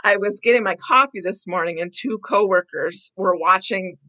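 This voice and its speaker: Bright-voiced woman telling a funny story. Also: medium pitch, moderate pace, no echo, low-quality recording. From Southwest Wisconsin. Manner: acts out quoted voices, laughs often. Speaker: realtor guest. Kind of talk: casual storytelling.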